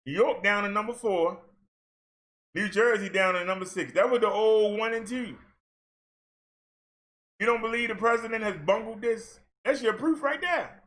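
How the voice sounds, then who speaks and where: Bright high-voiced man ranting. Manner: sarcastic, talks back at the figures he reads. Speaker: commentary vlogger. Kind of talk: ranting commentary over case numbers.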